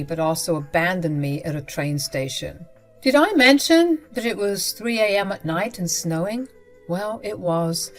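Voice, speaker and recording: Woman narrating a dramatic personal story. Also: fairly low pitch. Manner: dramatic, emphatic retelling.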